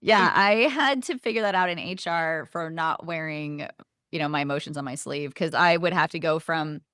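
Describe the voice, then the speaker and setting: A woman who runs an HR firm, talking casually as a podcast guest in quick explanations. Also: sits low, a bit bright, clean tone, dry recording. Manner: laughs a lot, quick explanations. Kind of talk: casual conversation.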